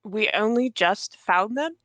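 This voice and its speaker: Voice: mid-range voice, lively intonation, slow, bright, forceful tone, no room sound. A player voicing a polite, formal male guide who apologizes and bows. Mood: apologetic.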